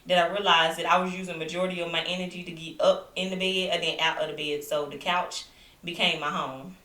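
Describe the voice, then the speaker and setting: A woman's voice: on the low side, brisk, recorded from a distance. Young woman with a lingering cough, echoey. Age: young adult. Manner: chatty, animated retelling with asides to viewers. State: recovering from illness, lingering cough. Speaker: vlogger. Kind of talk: casual storytelling to camera. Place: home, indoors. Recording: echoey room, voice off-mic.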